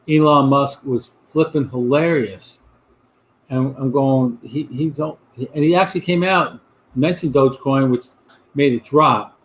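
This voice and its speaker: A man's voice: medium pitch, fairly even intonation, unhurried, a little hiss or hum. A middle-aged man hosting a casual livestream chat, rambling and talking back to viewer comments. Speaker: host of a livestream chat show.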